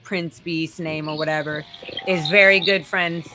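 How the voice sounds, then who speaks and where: A woman's voice: low-pitched, fairly even intonation, a little slow, noisy background. A woman telling a long, rambling, profane story as a guest on a casual live chat.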